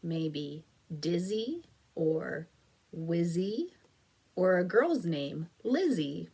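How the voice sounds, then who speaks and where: Slow, husky-voiced woman teacher. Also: fairly low pitch, big pitch swings, dark tone. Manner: patient, encouraging, stretches and sounds out words. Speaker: elementary school teacher. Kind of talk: slow, clear phonics lesson video for children.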